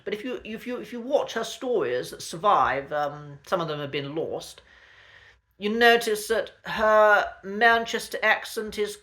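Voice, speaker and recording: A man explains things in a relaxed, conversational way, like an accent coach chatting to viewers. His voice is bright and forward, with a thoughtful, unhurried delivery. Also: sits high. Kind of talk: casual educational talk.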